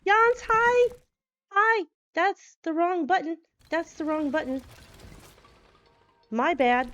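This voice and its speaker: A woman streamer chatting casually with her live chat. She is bubbly and scattered, and she greets people with excited squeals. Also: very high-pitched, slow, long pauses. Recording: dull lo-fi stream audio with faint music.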